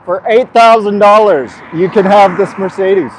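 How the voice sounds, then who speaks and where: A man's voice: sits high, moderate pace, poor audio. A young man live-streaming as he walks outdoors along a busy road, talking to his chat in a hyper, swearing, joking way. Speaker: vlogger streaming a long walk. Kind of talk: casual live-stream chat while walking. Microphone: streaming mic carried while walking. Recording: faint street traffic noise. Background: traffic noise.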